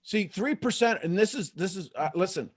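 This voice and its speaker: A man with a high-pitched voice coaches a live call. He is animated and acts out inner voices as he talks. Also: moderate pace, slightly rough. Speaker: host and motivational coach.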